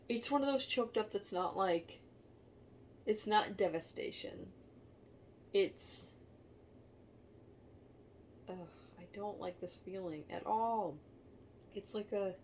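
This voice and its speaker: A woman giving a casual tarot reading to camera, halting and emotional, sighing and musing aloud. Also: medium pitch, slight background noise. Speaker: tarot reader.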